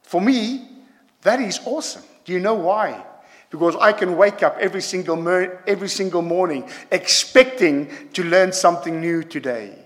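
A man's voice: high-pitched, normal speed, a bit bright. A man preaching a sermon to a congregation, emphatic and punctuating his points with "yeah?". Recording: long hall reverb.

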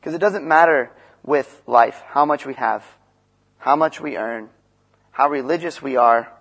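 A man's voice: measured pace, creaky, husky. Earnest man preaching a sermon. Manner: earnest, swings between loud emphasis and quiet low passages; acts out dialogue between Moses and God.

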